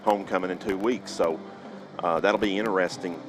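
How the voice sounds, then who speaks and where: A man giving relaxed pregame football commentary, full of hedges and fillers. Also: sits low, brisk, over music, poor audio. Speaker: color commentator. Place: outdoors at a football field.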